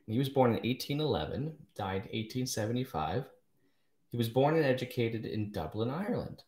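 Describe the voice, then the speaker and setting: Heard in an echoey room, a man with a mid-range, somewhat dark voice runs a live-streamed poetry show. He reads and chats casually, with wry remarks and self-corrections.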